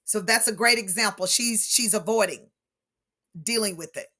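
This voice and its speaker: Bright, emphatic American woman teaching. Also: medium pitch, normal speed. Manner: emphatic, repeats key points to the audience. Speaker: grief educator. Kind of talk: presenting a grief seminar.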